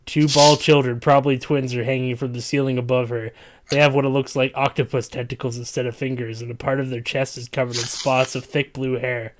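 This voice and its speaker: A man's voice: mid-range voice, level tone, brisk. A man reading a comedic story aloud in a dramatic, stumbling way. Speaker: reader.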